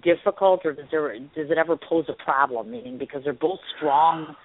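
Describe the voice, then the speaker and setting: A man's voice: a little high, a little fast. A man hosting an interview, asking long, winding questions with fillers. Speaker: interview host. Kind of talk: radio-style interview. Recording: tinny phone-line sound.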